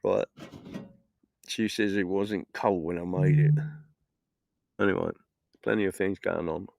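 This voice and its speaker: A man's voice: sits low, steady tone, unhurried, gravelly, a little mellow. A middle-aged man from England chatting on a casual livestream outdoors at a festival, rambling through stories, swearing and laughing at his own jokes. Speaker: political livestreamer. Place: outdoors at a festival field in the evening.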